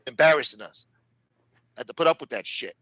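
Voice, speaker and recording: Profane, fast-ranting man. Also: medium pitch, animated, a bit bright. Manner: profane, bitter complaining. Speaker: streamer in a played clip. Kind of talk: angry rant.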